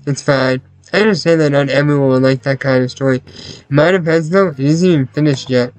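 A man reading a visual novel aloud as its first-person hero, laid-back and deadpan, over faint music. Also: mid-range voice, a little fast, dry recording, low-quality recording.

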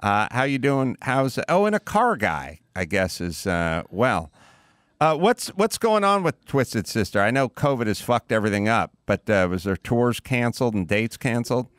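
A man's voice: medium pitch, big pitch swings, normal speed, fairly bright tone, no room sound, studio quality. A man hosting a podcast, interviewing a guest in a laid-back, wry way. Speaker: podcast host. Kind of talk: casual interview.

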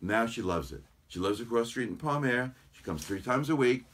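A man, a chiropractor, chatting as an interview guest and telling lively stories about his patients. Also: fairly low pitch, moderate pace. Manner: animated anecdotes, quotes patients in voices. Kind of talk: casual interview storytelling.

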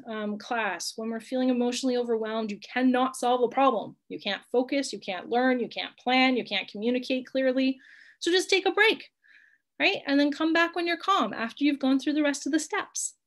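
A woman's voice: high voice, fairly even intonation, fairly quick, few pauses. A woman in her thirties teaching a live online class on handling emotions, chatty and reassuring, laughing often and checking in with "right?". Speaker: coach teaching emotional wellbeing.

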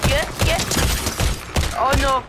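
A female player in casual banter over a video game, teasing and giggling, stammering when excited. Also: high-pitched, very slow, over music. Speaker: gamer.

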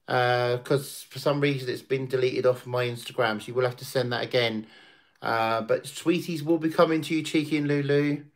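A man hosting a casual livestream, chatting to viewers, reading out their comments and laughing often. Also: medium pitch. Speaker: livestream host. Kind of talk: casual chat to stream viewers.

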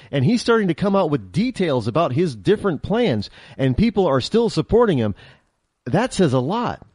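A man hosting a political talk show, giving an animated opinion monologue and often repeating and restarting his words. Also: a little high, breathy edge, no room sound, clean studio sound.

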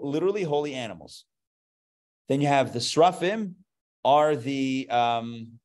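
A man, a rabbi, giving a live class to an audience, explaining terms step by step and growing animated as he goes. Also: medium pitch.

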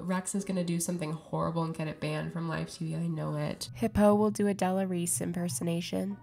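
A woman's voice: on the low side, vocal fry. A woman giving comedic gameplay commentary, dramatic and sarcastic, swinging into exaggerated outrage. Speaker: gaming YouTuber.

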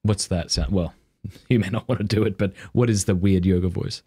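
A man with a low voice hosting a casual podcast interview. He asks questions with loose, curious energy. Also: steady tone, a little fast, warm tone, husky. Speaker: podcast host.

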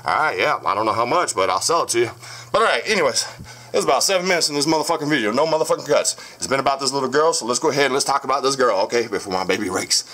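A man's voice: mid-range voice, animated, rapid-fire, sharp tone. A man hosting a home vlog, talking to the camera in a profane, combative way and scolding his commenters. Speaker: channel host showing haunted dolls. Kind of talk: casual vlog monologue. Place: home room with dolls and crib. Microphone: camera on a stand.

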